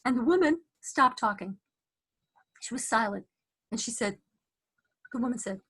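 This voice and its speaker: A woman casually telling a story, animated, with many restarts, acting out the voices of the people in it. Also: fairly high pitch, moderate pace, long pauses, breathy edge.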